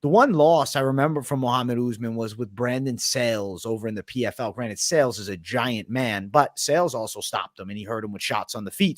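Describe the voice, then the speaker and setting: A man's voice: mid-range voice, dry recording. Blunt guy breaking down fight odds, casual cussing, dead dry sound. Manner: blunt, emphatic, swears casually. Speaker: co-host of a fight betting show. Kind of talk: casual sports betting chat.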